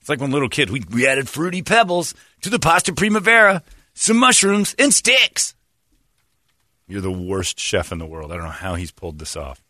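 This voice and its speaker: A man's voice: mid-range voice, wildly swooping pitch, normal speed, pushed and bright, no room sound, studio quality. A man hosting casual comedic banter, ranting and teasing in a crude way.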